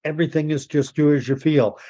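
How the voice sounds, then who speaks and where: A man's voice: a little high, steady tone, a little fast, dark tone. Man, middle-aged, Canadian accent, casual livestream talk, rambling, sarcastic. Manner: rambling, with sarcastic mock quotes. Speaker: livestream host.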